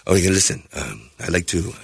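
Comic doing a pushy middle-aged dad, dropped low, fast and rough. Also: male voice, expressive, no echo, studio quality, full character voice. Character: gruff middle-aged dad pestering his wife.

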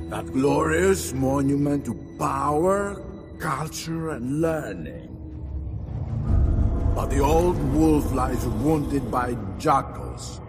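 An actor voicing a menacing warlord in a film trailer, slow and grandiose, building to shouted threats, over loud dramatic music. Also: male voice, medium pitch. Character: menacing warlord addressing an empire.

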